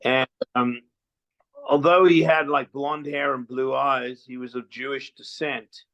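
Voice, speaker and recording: A mid-pitched older man with a well-travelled, mixed South African accent talks in a bawdy, joking way. His stories wander as he goes. His voice comes through a slightly muffled remote call line. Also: steady tone, measured pace, a bit bright. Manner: bawdy, joking, rambling storyteller. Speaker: guest filmmaker. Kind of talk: casual interview chat.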